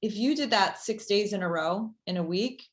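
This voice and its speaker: A woman with a mid-pitched voice, talking as a founder in a relaxed interview. She rambles easily with lots of fillers and builds into an upbeat, persuasive pitch. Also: normal speed. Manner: chatty, many fillers, enthusiastic pitch. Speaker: company founder, interview guest. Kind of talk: casual interview conversation.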